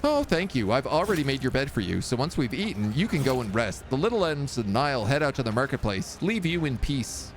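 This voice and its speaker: A man's voice: mid-range voice, very animated, brisk, few pauses, a little hiss or hum, pitched above the performer's own voice. A man voicing a doting, caring working-class wife with a sweet, raised voice in a video game read-aloud.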